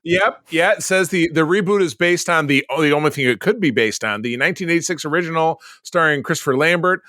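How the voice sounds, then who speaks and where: A man co-hosting a podcast in casual chat, animated and laughing, with a gravelly voice. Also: a little high, fast, dry recording, studio quality. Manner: animated, laughs often, trails off mid-sentence. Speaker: podcast co-host.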